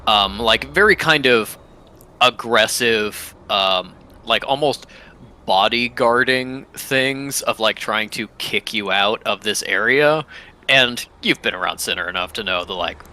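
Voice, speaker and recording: A man narrates as game master in a tabletop game. His voice is low-pitched but bright and forceful. He speaks haltingly, with frequent ums and restarts. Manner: hesitant, full of ums and restarts.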